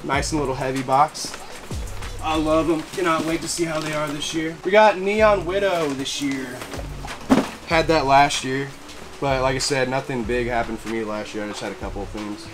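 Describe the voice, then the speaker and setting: A man showing off his gear in a casual vlog, excitable and slangy, repeating catchphrases and whooping. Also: mid-range voice, normal speed. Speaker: fireworks vlogger. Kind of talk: casual show-and-tell vlog. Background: background music.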